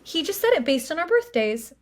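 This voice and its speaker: High and sing-song, she talks fairly quickly. She's a podcast co-host in her late twenties, rambling through a story in casual conversation, filling it with likes and ums and owning the label of yapper.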